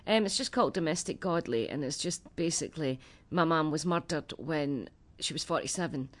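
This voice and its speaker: Glaswegian comedian lady, 40s, chatty and self-mocking on a radio interview. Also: low-pitched. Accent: Glaswegian Scottish. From Scotland. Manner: chatty, quick-witted, self-deprecating. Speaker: comedian guest. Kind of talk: casual radio interview chat.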